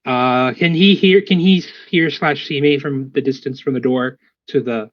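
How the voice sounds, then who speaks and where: A man's voice: mid-range voice, normal speed. A man playing in a tabletop game, chatty and rambling, often interrupting himself. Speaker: player. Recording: dry, dull lo-fi sound.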